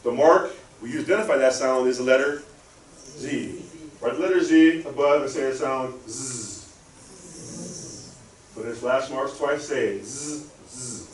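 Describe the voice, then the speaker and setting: A man's voice: mid-range voice, normal speed, long pauses. Man, guest speaker, call-and-response spelling drill, echoey room, mic far away, faint hum. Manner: leads the audience through call-and-response drills. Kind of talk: interactive spelling lesson. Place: library lecture room.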